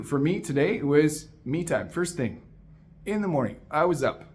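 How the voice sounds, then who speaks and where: A man coaching listeners in an energetic, emphatic motivational monologue, calling them "my man". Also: a little high, normal speed.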